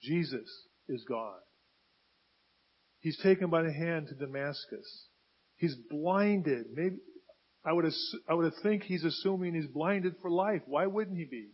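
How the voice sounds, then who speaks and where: A man preaching a sermon, emphatic and building to loud, stressed bursts. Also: a little high, a little slow, husky, muffled recording.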